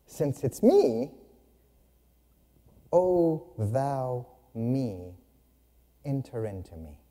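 Gentle divine voice, played by a man, soft and unhurried, warm dark tone, big hall echo. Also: medium pitch, big pitch swings. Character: gentle voice of God, calm and loving. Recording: long hall reverb.

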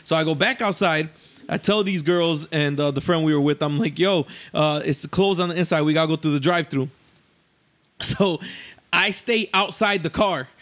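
A young man casually telling a story on a podcast, animated and slangy, often laughing and jumping into voices. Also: moderate pace. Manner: animated, laughing, acts out voices with rising pitch; profane, slangy.

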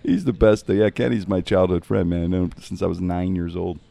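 A man's voice: deep voice, brisk, creaky. A man telling a funny road-trip story in casual chat, acting out the other people's voices. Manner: animated, acts out quoted voices.

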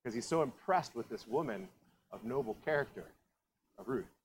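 A man's voice: medium pitch, lively intonation, moderate pace, slight background noise, low-quality recording. A male pastor from Ohio preaching a sermon in a conversational, storytelling way, full of asides and questions to the congregation.

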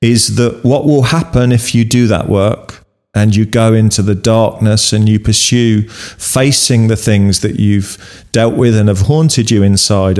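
A man hosting an interview, reflecting in a measured way and repeating key words for emphasis. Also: lowish voice, a little mellow. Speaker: host.

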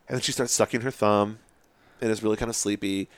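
A man who works as a hypnotist, telling a story to podcast hosts in a casual, animated way. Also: fairly low pitch, brisk, no echo. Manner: animated, acts out other people's lines.

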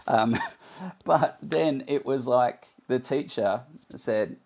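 A man with a slightly husky voice who hosts a conversation. He speaks earnestly and reflectively, telling his own story. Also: lowish voice, moderate pace, darkish tone. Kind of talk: conversational interview.

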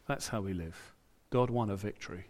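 British man preaching a relaxed sermon. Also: on the low side, moderate pace. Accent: British English. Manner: conversational, with asides and acted-out quotes. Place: church.

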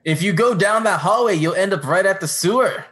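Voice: mid-range voice, fairly quick, fairly bright tone. A player in a tabletop game, bantering wryly with the others. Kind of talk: casual chat at a tabletop game.

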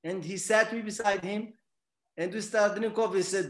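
A man with a non-native English accent, telling a personal story in a halting way full of restarts. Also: high voice, fairly bright tone, echoey room. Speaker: guest.

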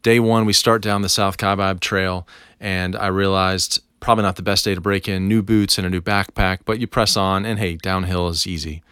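A man hosting a devotional podcast, telling a personal story in a relaxed, conversational way. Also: sits low, normal speed, smooth, no echo, clean studio sound.

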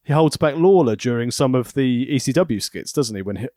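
A man's voice: medium pitch, expressive, fairly quick, mellow, dry recording, clean studio sound. A man co-hosting a podcast in casual chat, playful and talkative. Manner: chatty, playful, slips into mock-theatrical voices. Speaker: podcast co-host.

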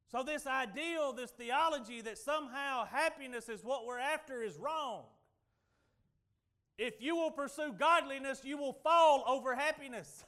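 A middle-aged man preaching a sermon, telling folksy stories and swinging from loud declarations to quiet asides. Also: very high-pitched, moderate pace.

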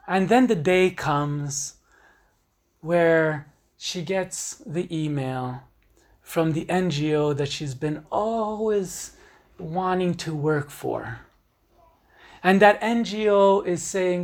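A man's voice: high voice, expressive, takes it slowly, darkish tone. A man hosting a solo podcast, talking earnestly and emphatically with casual swearing. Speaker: podcast host.

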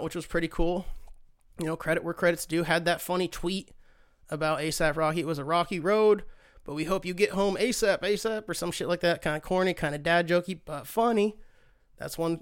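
A man's voice: fairly high pitch, clear, resonant tone. A man hosting a podcast alone, rambling through a casual rant with lots of profanity and sarcasm. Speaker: podcast host.

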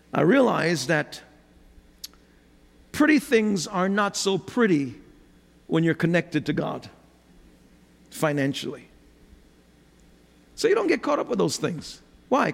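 Pastor, middle-aged man, gravelly high voice, emphatic preaching with rhetorical questions; reverb-heavy hall. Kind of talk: sermon.

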